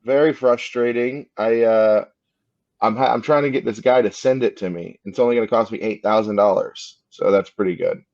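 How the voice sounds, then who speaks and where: A man's voice: on the low side, moderate pace, a little mellow. Hungover american guy rambling on a comedy podcast, kinda muffled lo-fi audio. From United States. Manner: rambling, laid-back storytelling. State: hungover, just woke up. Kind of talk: casual chat. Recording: slightly dull lo-fi sound.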